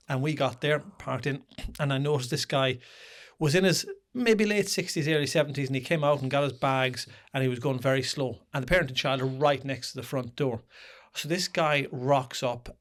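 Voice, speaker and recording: A man co-hosting a casual podcast, telling a lively anecdote. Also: medium pitch, moderate pace, hardly any pauses. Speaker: podcast co-host.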